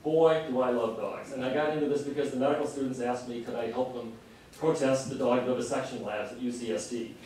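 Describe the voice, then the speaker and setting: Picked up from afar by a room mic in a lecture hall, this middle-aged lecturer speaks with earnest passion and a changing pace, though his tone stays steady. The medium-pitched, darkish voice runs a little fast, heavy echo surrounds it, and there's slight background noise.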